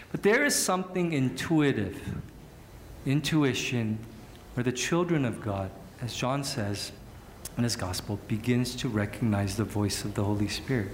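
A man in his thirties from Southern California, preaching a sermon as a pastor in an animated, joking, self-mocking storytelling way. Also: medium pitch, normal speed, roomy sound, slight background noise.

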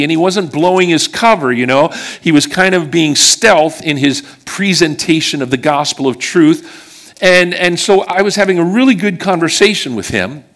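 A man's voice: fairly high pitch, fairly bright tone. A middle-aged man from western Pennsylvania preaching a sermon, telling a personal story in a chatty way and checking in with the congregation as he goes.

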